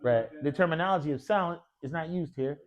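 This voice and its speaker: This man's slightly high voice moves quickly, and the recording has a lo-fi quality. He's giving a classroom lesson on Arabic grammar in a mosque, continually testing his students with questions.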